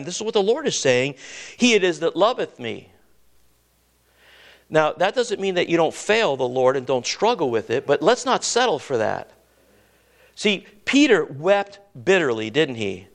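A pastor with a high voice delivers a very animated sermon, guiding his congregation through scripture. He stops to pose questions and waits for their replies, stretching out key words for weight before dropping low and quiet to drive a point home.

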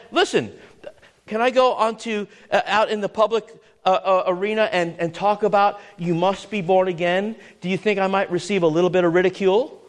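Pastor, male, high and very animated voice, emphatic preaching, throws rhetorical questions at the room. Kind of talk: sermon.

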